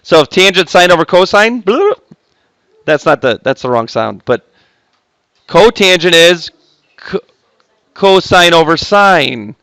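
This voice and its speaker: A man's voice: a little high, lively intonation, a little slow, long pauses, fairly bright tone, clear, resonant tone, no echo. Joking male math teacher in class. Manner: chatty, joking asides to students. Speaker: high school math teacher. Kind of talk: recorded classroom lesson.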